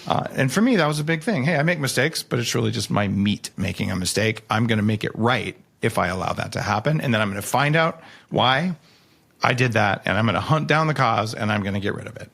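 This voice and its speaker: A man appearing as a guest author on a podcast talks casually and quickly, telling animated, jokey stories with sudden leaps in pitch. His voice has vocal fry.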